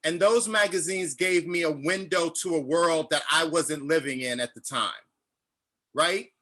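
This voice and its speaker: A man's voice: a little high, unhurried. A man from Chicago telling stories in a virtual book talk, acting out quotes with feeling, close to tears. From Chicago, United States. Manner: animated storytelling, acts out quotes; emotional, near tears. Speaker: author, interview guest.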